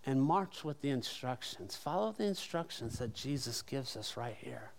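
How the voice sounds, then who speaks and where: A man's voice: medium pitch, expressive, normal speed, creaky, slight background noise. A man preaching a sermon as pastor, conversational and emphatic, with rhetorical questions to the congregation.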